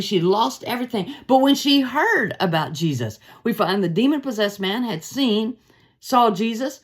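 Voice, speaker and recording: A woman leads a daily devotional and talks through a Gospel chapter like a friendly chat. Her voice rises and falls a great deal, and she slips into the voices of the people in the story as she tells it. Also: mid-range voice. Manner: lively, conversational, acts out the story's voices. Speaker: Bible devotional host. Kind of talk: informal Bible teaching.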